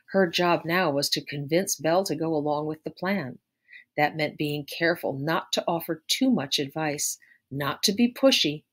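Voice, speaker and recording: Female audiobook narrator, low voice, measured and expressive. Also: husky. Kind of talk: read-aloud narration of a story.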